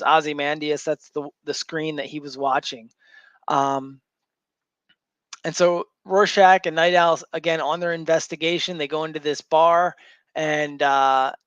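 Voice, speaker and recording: A man's voice: on the high side, a bit bright, no room sound, muffled recording. A man hosting a comic book show, casually retelling a story with lots of fillers and restarts. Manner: rambling, filler-heavy retelling.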